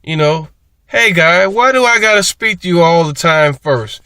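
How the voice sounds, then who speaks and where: A man's voice: fairly high pitch, lively intonation, normal speed, sharp tone, clean tone, dry recording, clean studio sound. A man talking casually to his viewers in a rambling, repetitive way, often restarting his sentences. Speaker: vlogger. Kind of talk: casual monologue to camera.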